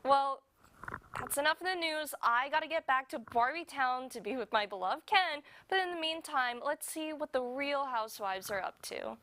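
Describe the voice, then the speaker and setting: A woman's voice: high-pitched, lively intonation, normal speed, bright, forceful tone, a little hiss or hum. A woman hosting a satirical news segment, sarcastic with giggles between jokes. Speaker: comedy news host.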